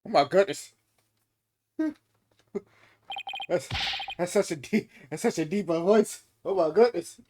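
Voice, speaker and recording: A man's voice: high voice, measured pace, long pauses, noisy background. A man giving casual let's-play commentary, crude and often laughing. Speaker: gaming streamer. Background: game music.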